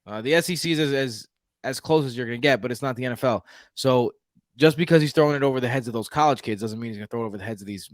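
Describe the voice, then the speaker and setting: A man from Houston co-hosting a podcast, talking casually and jokingly with lively restarts. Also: mid-range voice, no room sound, studio quality. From Houston, Texas. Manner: animated, jokey, frequent restarts. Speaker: podcast co-host. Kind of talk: casual fantasy football chat.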